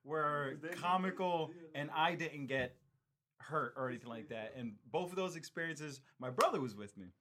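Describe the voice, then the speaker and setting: A man in casual comic banter, telling his side of a story in a defensive, drawn-out way with mock formality. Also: fairly high pitch, animated, bright, forceful tone. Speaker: podcast co-host. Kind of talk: casual comedic chat.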